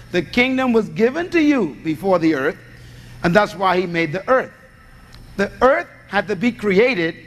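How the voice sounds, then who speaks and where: A man preaching a sermon, teaching by asking the congregation questions and supplying the answers. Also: sits high. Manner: teaching with call-and-response questions. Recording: long hall reverb.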